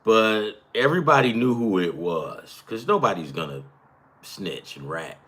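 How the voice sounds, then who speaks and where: A man's voice: lowish voice, big pitch swings, a little slow, fairly bright tone, breathy edge. A man in his thirties or forties hosting a podcast, telling a rambling work story and reacting to a football game, swearing and laughing as he goes. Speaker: podcast host. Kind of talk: casual storytelling and game commentary.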